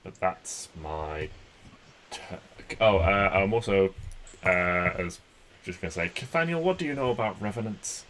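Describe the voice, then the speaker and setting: Deep-voiced player, faint hiss. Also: male voice, expressive, normal speed, a bit bright. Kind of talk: tabletop game chat.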